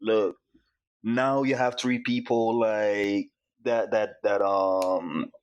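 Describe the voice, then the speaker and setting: A man's voice: on the low side, steady tone, drawn-out words, no room sound, highs cut off. A man co-hosting a podcast in casual chat, talking in laid-back street slang and laughing often. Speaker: podcast co-host.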